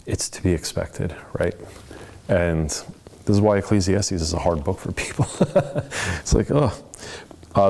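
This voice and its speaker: Man, very low voice, Bible study leader, earnest, casual, rambling asides. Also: vocal fry, a little mellow. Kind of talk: casual teaching. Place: church.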